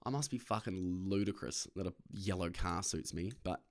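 A young Australian man hosts a casual podcast from his parked car, ranting, swearing freely and imitating other people's voices. His voice is low-pitched and his speed normal.

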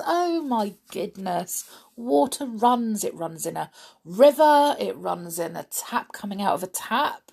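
Woman host for kids, gravelly, husky, lively sing-song pitch, gentle and unhurried. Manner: gentle, slow, with many ums and pauses. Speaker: children's show host. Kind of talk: casual chat to children.

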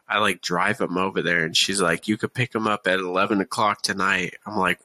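A man telling army stories in a casual podcast chat, animated, swearing and laughing often. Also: fairly low pitch, normal speed, dry recording. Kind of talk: casual storytelling.

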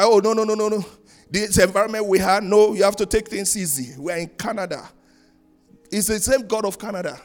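Pastor preaching, high voice, goes loud and singsong then drops low, bit of music behind. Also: male voice. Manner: emphatic preaching, swings between loud sung-out lines and low asides. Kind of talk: sermon. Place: church in Canada.

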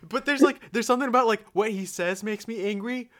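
A young man on a podcast rants with exasperation, swearing and laughing through it. His voice sits a little high. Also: fairly quick, a bit bright. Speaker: podcast co-host. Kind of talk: casual podcast chat.

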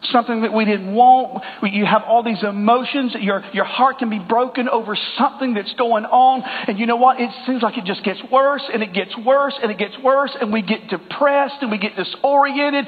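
A male pastor with a high voice preaches to his congregation, chatting with them and joking before slowing down to stress a point. The sound has the long echo of a church hall. It comes through a narrow, phone-like line. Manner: conversational, jokes with the congregation, slows for emphasis. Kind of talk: sermon.

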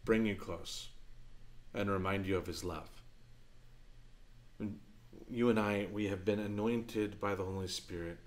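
With a steady tone, this pastor preaches unhurriedly and pauses often. He's earnest and conversational, telling stories and lowering to a soft voice for key points.

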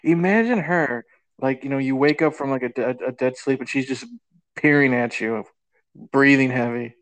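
A man's voice: medium pitch, normal speed, fairly bright tone, no echo, poor audio. A man co-hosting a podcast in casual chat, laid-back, mostly reacting with short remarks and sighs. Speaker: podcast co-host.

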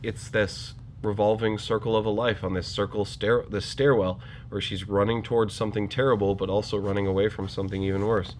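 A man's voice: on the low side, a little fast, few pauses, slight background noise. A man co-hosting a podcast, casually retelling a comic book story and acting out its lines. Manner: animated retelling, acts out character lines. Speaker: podcast co-host.

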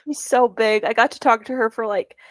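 A woman's voice: a little high, brisk, dry recording. A young woman co-hosting a podcast, telling fond stories in casual chat. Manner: gravelly, fond, giggly storytelling. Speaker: podcast co-host.

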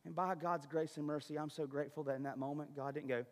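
A high-voiced pastor preaches with emphatic, conversational energy and frequent asides. His voice rings out with the long reverb of a big hall. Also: fairly even intonation, fast talker. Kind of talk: sermon.

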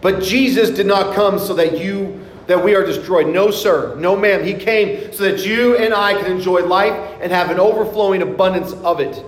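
A middle-aged male pastor preaching a sermon, earnest, slowing down for scripture quotes. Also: sits high. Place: church sanctuary. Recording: echoey hall, mic in room.

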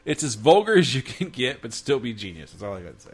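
A man co-hosting a casual podcast chat, animated and profane, laughing often. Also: medium pitch, fast talker, husky. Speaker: podcast co-host.

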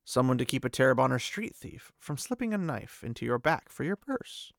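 A man voicing a stern male warrior who keeps losing his cool and raising his voice in loud exasperated bursts. The voice is gravelly and sits close and dry. It is his own voice, read straight from a storybook. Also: medium pitch, sing-song, fairly quick, no echo. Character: stern male warrior guardian, usually controlled.

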